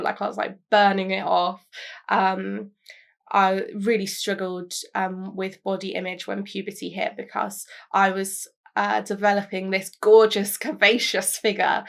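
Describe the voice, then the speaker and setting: A woman's voice: mid-range voice, gravelly, a bit bright. Candid young woman, reflective. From London, England. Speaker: interviewee. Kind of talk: personal testimony to camera.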